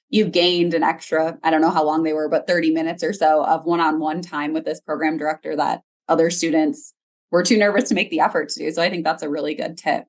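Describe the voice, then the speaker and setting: A woman, a genetic counselor, hosting an interview and asking thoughtful, encouraging questions. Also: low voice.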